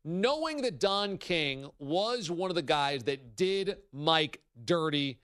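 A man hosting a sports talk radio show, telling stories in a wry, animated way. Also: fairly high pitch, slow, smooth, no echo, clean studio sound.

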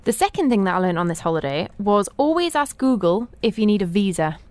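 A woman on a studio radio show, recounting travel stories with animated energy and frequent laughter. Her pitch sits in a middle range, and her delivery is chatty and storytelling. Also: brisk, a little hiss or hum. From Britain.

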